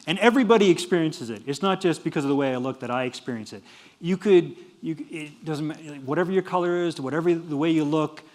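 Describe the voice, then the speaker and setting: A middle-aged man giving a humorous university lecture, animated and laughing at his own jokes. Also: on the high side. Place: lecture hall.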